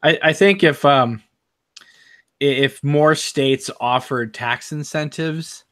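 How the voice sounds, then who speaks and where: A man in casual chat, halting and restarting often, with a wry dry humor. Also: fairly high pitch, steady tone, fairly bright tone. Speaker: podcast co-host.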